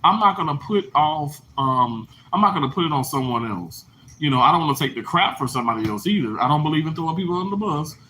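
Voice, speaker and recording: A man streaming live to his viewers in casual, earnest chat, rambling with restarts and soft laughs. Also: fairly high pitch, animated, fast talker, a little hiss or hum, low-quality recording. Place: indoors under lights at daybreak.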